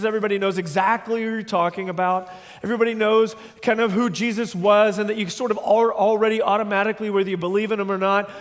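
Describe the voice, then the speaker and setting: A middle-aged man preaching a sermon, earnest and emphatic, slowing down to stress key words. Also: high-pitched. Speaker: pastor. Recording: long hall reverb.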